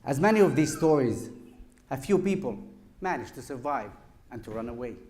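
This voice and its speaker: Measured man telling a story on stage. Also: mid-range voice, lively intonation, a little mellow, a little hiss or hum. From Israel. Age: 30s. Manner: slow, deliberate, with dramatic pauses between phrases. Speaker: public speaker. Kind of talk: prepared storytelling speech. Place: lecture forum before an audience.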